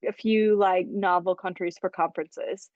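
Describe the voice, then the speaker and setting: A woman with a Midwestern American accent, a podcast guest who chats quickly, laughs often, and drifts into asides. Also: fairly low pitch, steady tone, darkish tone, dry recording, dull audio. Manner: chatty, giggly, quick asides. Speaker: guest scientist. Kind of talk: casual chat.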